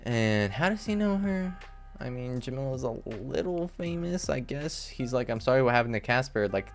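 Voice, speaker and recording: A man's voice: medium pitch, lively intonation, soft background music. A young man casually reviewing a TV episode, rambling with lots of fillers and sudden exasperated outbursts. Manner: rambling, frequent "like" and "I guess"; quick jumps to exasperated outbursts. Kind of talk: casual solo commentary.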